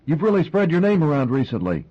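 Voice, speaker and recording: A man putting on a cold, raspy crime boss, high and sing-song. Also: fast, highs cut off. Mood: mocking. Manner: flat and impassive. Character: calm, cold middle-aged male crime boss.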